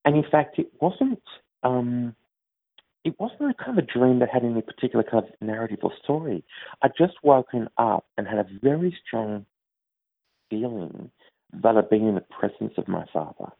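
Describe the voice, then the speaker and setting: A man answering interview questions in a thoughtful, hesitant way, with many pauses and fillers. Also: medium pitch, very animated, creaky, no echo. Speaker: grief organization head, interview guest. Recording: tinny phone-like line, dry.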